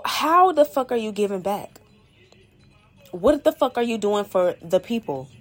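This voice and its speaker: A woman podcast host, ranting bluntly and profanely in a heated monologue. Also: mid-range voice.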